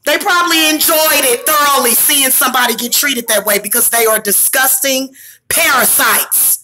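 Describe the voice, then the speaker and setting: A woman venting angrily in a profane vlog rant, with bursts of shouting. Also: high voice, moderate pace. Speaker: vlogger. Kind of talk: angry ranting vlog.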